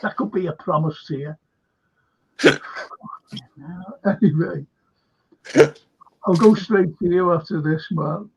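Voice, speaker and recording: Gravelly older man, sweary. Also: sits high, unhurried, long pauses, slight background noise. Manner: swears a lot, rambling and animated. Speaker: host. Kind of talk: casual fan podcast chat. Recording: dull lo-fi call audio.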